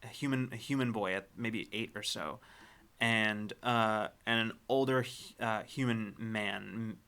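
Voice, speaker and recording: Bright-voiced male game master. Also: lowish voice, fairly even intonation, clean tone. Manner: descriptive, halting, many fillers. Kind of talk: narrating a tabletop game.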